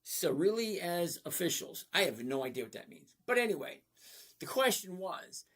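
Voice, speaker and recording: A man's voice: high-pitched, big pitch swings, normal speed, fairly bright tone. A middle-aged man hosting a live stream, answering viewer chat in a blunt, folksy, casual way. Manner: blunt, folksy, often asks okay?. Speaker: livestream host answering viewer chat about trading.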